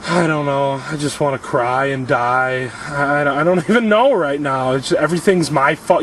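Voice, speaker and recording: A man's voice: a little high, moderate pace, few pauses, a bit bright. A young man venting in a self-filmed vlog, frustrated and blaming himself, swearing often, recorded in a parking lot. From Illinois. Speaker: vlogger. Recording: distant mic with clear outdoor noise.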